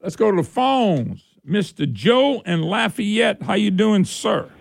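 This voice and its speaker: A man's voice: high voice, expressive, slow, vocal fry. A man hosting a call-in radio talk show, telling stories in a folksy way. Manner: folksy storyteller, acts out quoted voices.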